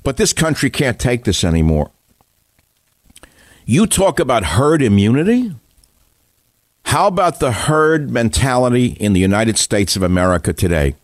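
A man's voice: mid-range voice, very animated, normal speed, long pauses, no room sound, studio quality. A man hosting a radio talk show, delivering an indignant monologue full of rhetorical questions.

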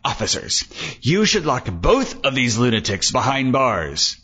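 A male audiobook narrator voicing a whiny, cowardly man who yelps his complaints in a high voice. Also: wildly swooping pitch, a little slow, sharp tone, breathy edge, exaggerated voice. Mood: indignant. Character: whiny, cowardly middle-aged man caught in a scuffle. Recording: dull lo-fi recording.

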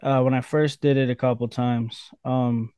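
A man's voice: medium pitch, little pitch movement, moderate pace, mellow, clean tone, no echo, clean studio sound. A young man, a rapper, chatting casually in an interview, rambling with many fillers and laughing easily. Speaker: rapper guest.

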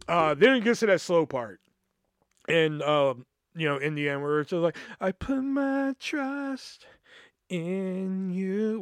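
A young man hosting a podcast, telling a rambling, profane story with lots of fillers and animated energy. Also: on the high side, smooth, no echo, studio quality. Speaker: podcast host. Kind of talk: casual storytelling.

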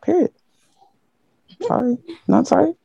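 Animated young woman, dry close sound. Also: high voice, measured pace, creaky, no echo, lo-fi sound. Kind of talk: casual chat among friends.

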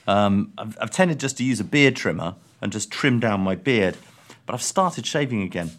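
A man from England co-hosting a podcast, dry and deadpan, talking with hesitant ums. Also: lowish voice, moderate pace. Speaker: podcast co-host. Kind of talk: casual comedic chat.

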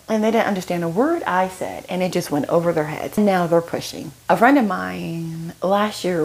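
A middle-aged woman hosting a solo podcast, telling stories in an animated way and acting out other people's voices. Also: lowish voice, gravelly, breathy edge. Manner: animated, acts out quoted voices with laughs. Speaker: podcast host.

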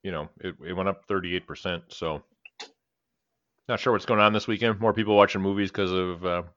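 A middle-aged man with a low but bright, forceful voice, chatting loosely on a podcast and swearing now and then. His speech wanders through restarts and asides. The recording is dry and a bit dull, like lo-fi podcast audio. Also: steady tone, brisk, no echo. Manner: rambling, swears casually, talks while eating. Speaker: podcast co-host. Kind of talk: casual podcast chat.

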